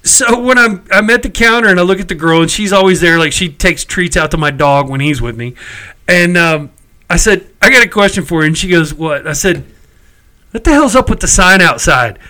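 A middle-aged man tells a story in a casual chat. His voice sits high and rings bright. He sounds exasperated and swears freely. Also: animated, fairly quick, low-quality recording. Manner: chatty, exasperated, salty language.

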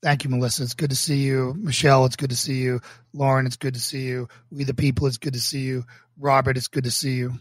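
A man from Boston, a pastor hosting his own livestream, talking earnestly and emotionally with halting restarts before moving into a sermon. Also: mid-range voice, level tone, no room sound, studio quality. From Boston, United States. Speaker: pastor and show host. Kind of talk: livestreamed casual talk leading into a sermon.

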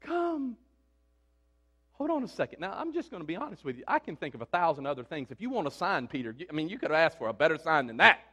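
A man's voice: on the high side, big pitch swings, racing, few pauses, pushed and bright. A man preaching a sermon in an emphatic, conversational way, often asking his listeners questions.

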